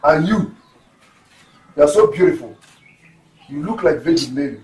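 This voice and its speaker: A meddling Nigerian bar patron lecturing a younger man. He sounds high-pitched and preachy, piling on insults. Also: animated, a little slow, a little mellow, low-quality recording. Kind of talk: Nollywood film acting.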